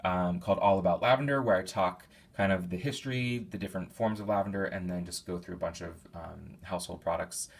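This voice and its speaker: A man's voice: low-pitched, a little fast, creaky, few pauses. A man giving a casual, rambling product review, thinking aloud with many fillers and restarts. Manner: detailed, thinks aloud while describing scents. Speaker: candle reviewer.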